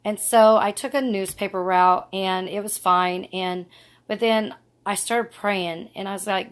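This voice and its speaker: A woman's voice: medium pitch, fairly even intonation, a little slow, smooth. Earnest middle-aged woman telling her story. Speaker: vlogger. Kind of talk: casual personal story vlog.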